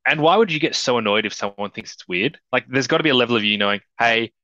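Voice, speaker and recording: Bright-voiced man. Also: mid-range voice, very fast, no echo, highs cut off. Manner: animated, acts out quoted dialogue. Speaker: podcast co-host. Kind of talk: casual film discussion.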